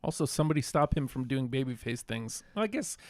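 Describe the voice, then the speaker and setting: A man's voice: medium pitch, animated, fast, a little mellow, no room sound, clean studio sound. A man co-hosting a casual wrestling podcast, laid-back and agreeable, mostly giving short replies. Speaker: podcast co-host.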